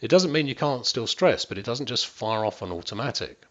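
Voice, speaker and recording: A man's voice: medium pitch, animated, pushed and bright. Man coaching a stress-relief exercise. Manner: instructive, addressing listeners directly, checking in often; drops to near-whispers and slows down to demonstrate. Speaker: wellbeing coach. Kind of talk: guided stress-management exercise.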